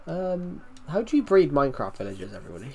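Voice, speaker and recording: A man's voice: fairly high pitch, big pitch swings, fast, gravelly, darkish tone. A man livestreaming a video game, rambling casually to his chat as he plays and repeating words to himself. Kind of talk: casual live gaming stream chat.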